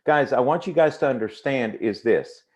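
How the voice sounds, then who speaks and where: A man's voice: medium pitch, moderate pace. Guy pumping up his team on a business training call, punchy repeats, kinda dull lo-fi sound. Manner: energetic, repetitive, addresses audience directly. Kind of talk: motivational sales training talk.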